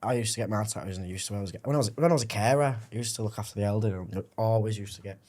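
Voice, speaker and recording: Fast-talking man in casual chat. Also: lowish voice, a little mellow. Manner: chatty, repeats himself while recalling.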